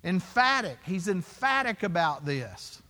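A man's voice: high voice, big pitch swings, unhurried, sharp tone. A man preaching a sermon as pastor, emphatic and full of rhetorical questions to his congregation. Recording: long hall reverb.

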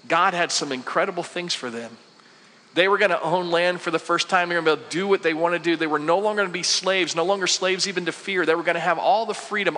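A man's voice: high voice, bright, forceful tone. A man in his forties preaching a conversational sermon, asking the listeners questions and acting out what worried people say. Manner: conversational, acts out quoted voices, many rhetorical questions. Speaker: pastor. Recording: long hall reverb.

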